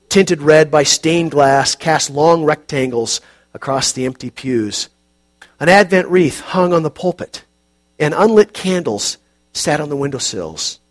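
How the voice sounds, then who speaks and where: A man calmly narrating an audiobook in a measured, quiet, reflective way. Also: fairly high pitch.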